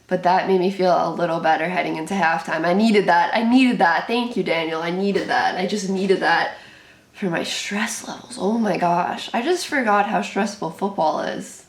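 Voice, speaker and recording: A woman's voice: lowish voice, normal speed, reverberant. A young woman hosting a live reaction to a football game, anxious and exclaiming, often repeating herself. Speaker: sports channel host reacting live.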